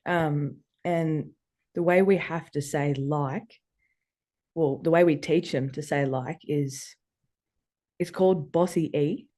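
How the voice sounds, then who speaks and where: An Australian woman hosting a casual interview, giggly and quick to laugh. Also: sits low, fairly even intonation, mellow. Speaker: podcast host.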